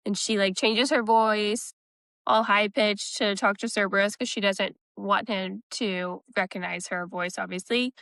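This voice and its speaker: A woman co-hosting a casual book-club podcast, retelling chapters in a quick, chatty way. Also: mid-range voice, fairly even intonation, a bit bright, no echo. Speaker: podcast co-host.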